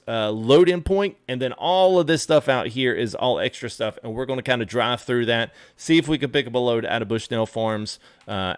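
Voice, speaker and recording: A man's voice: medium pitch, clean tone. A man streaming a truck game, talking casually with many fillers and greeting his chat. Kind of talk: casual live-stream commentary.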